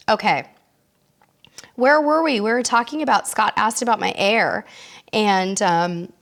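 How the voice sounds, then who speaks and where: A woman's voice: mid-range voice, fairly bright tone. A woman hosting a live-stream cruise chat, answering viewers with a tickle in her throat and coughing now and then. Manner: chatty, interrupted by coughs. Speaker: cruise vlog host.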